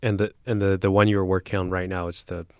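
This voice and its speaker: Low monotone guy hosting a podcast, easygoing questions, dry recording. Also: quick pace, smooth, no room sound. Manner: laid-back questions, chuckles. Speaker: podcast host. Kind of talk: casual interview talk.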